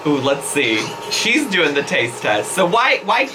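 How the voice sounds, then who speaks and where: A man's voice: a little high, very animated, measured pace, background noise. A man hosting comedic reaction commentary, incredulous and teasing, often breaking into laughter. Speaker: reaction channel host.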